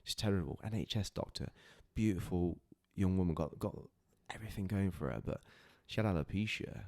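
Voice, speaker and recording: A man's voice: sits low, brisk, a little mellow. A man, a podcast guest telling a personal story in an earnest, heartfelt way, often stopping and restarting his sentences.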